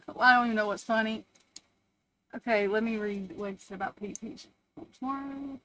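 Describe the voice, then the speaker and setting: A woman's voice: fairly high pitch, fairly even intonation, moderate pace, pauses often, a bit bright. A woman hosting a casual live stream from home, chatting, swearing freely, laughing often and answering her chat.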